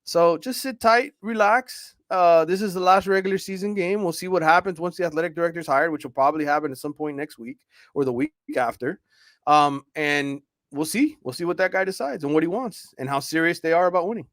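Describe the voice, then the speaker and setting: A man's voice: fairly high pitch, fairly quick, fairly bright tone, no room sound, clean studio sound. A man, a sports reporter, talking frankly and conversationally on a radio show, with frequent restarts. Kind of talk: casual on-air sports talk.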